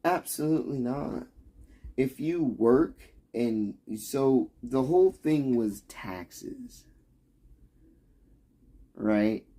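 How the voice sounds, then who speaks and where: A man's voice: mid-range voice, animated, takes it slowly, dark tone. A young man from the United States ranting sarcastically and profanely at his livestream chat.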